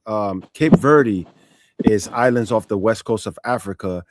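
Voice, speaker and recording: A man hosting a live stream, reading out viewer questions in a relaxed way with many fillers. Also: on the low side, unhurried. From United States. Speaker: stream host. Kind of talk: casual chat on a live stream.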